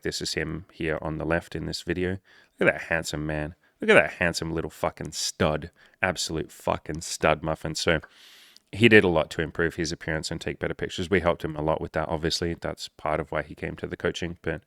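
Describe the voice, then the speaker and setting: A man's voice: low voice, moderate pace, gravelly, fairly bright tone, no echo, studio quality. A male dating coach talking straight to his viewers, blunt and profane, often mimicking whiny voices of others. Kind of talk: casual monologue to viewers.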